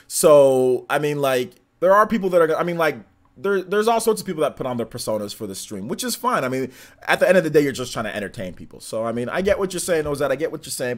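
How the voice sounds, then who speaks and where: A man's voice: fairly high pitch, very animated, fast talker. A young man hosting a live stream, answering chat in a hyped, raised presentation voice and trash-talking playfully. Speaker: livestream host.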